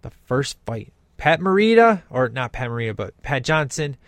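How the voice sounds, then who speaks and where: A man's voice: medium pitch, very animated, normal speed, a bit bright, dry recording. A man talking through a film in casual commentary, enthusiastic and emphatic with lots of slang.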